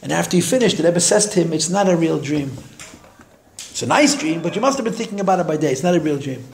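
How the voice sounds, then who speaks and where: A man teaching a class, telling a story in an animated way and raising his voice when he quotes people, often repeating words as he thinks. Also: fairly high pitch, quick pace, a little hiss or hum. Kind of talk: storytelling lecture.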